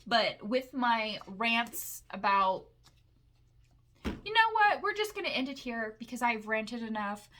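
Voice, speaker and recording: A young woman chatting casually at home in a makeup haul vlog, gushing and rambling with excitement. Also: on the high side. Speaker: makeup vlogger.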